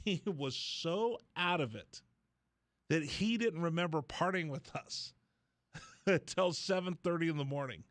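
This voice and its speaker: A man hosting a radio show, telling a rambling story in a casual, animated way. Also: fairly high pitch, measured pace, dry recording. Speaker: radio host. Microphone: studio mic.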